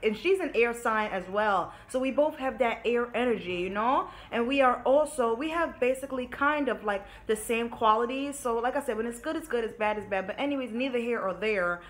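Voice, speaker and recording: A woman's voice: a little high, brisk, few pauses. A young woman telling a personal story to her viewers in a casual vlog, candid and emotional, swearing freely and calling them her babies. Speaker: vlogger.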